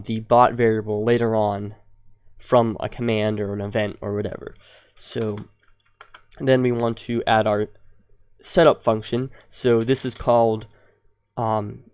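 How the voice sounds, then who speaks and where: A young man hosting a coding tutorial, explaining step by step and thinking aloud, with ums and quick self-corrections. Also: medium pitch, a little mellow, clear, resonant tone. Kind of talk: screen-recorded coding tutorial.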